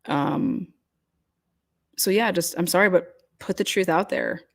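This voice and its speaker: A woman's voice: fairly low pitch, a little slow. A woman hosting a casual livestream chat, talking loosely with many fillers and restarts as she reads comments. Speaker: host.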